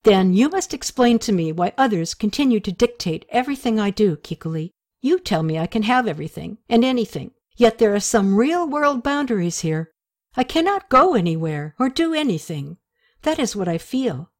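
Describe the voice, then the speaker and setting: A headstrong young woman taken for a goddess, blunt and defiant in her speech, read aloud by a woman. This is a storybook voice with a medium pitch. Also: sing-song, normal speed, lightly acted. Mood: earnest.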